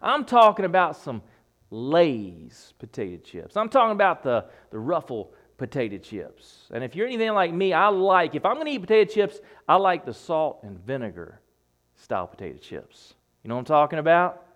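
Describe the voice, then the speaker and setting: A man's voice: on the high side, huge pitch swings, normal speed, fairly bright tone. A man preaching a sermon, emphatic, repeating phrases and dropping his voice for effect.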